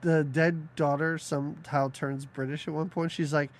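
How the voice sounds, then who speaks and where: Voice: mid-range voice, normal speed. A podcast co-host in casual movie-review chat, mocking scenes and acting out lines from them. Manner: animated, mocking, acts out quotes from scenes.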